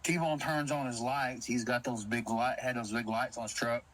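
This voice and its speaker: Calling in to describe an encounter, this man tells a spooky tale in a medium-pitched voice at normal speed. It's casual, lively Southern-flavored storytelling in which he voices the other people's lines. The audio is poor.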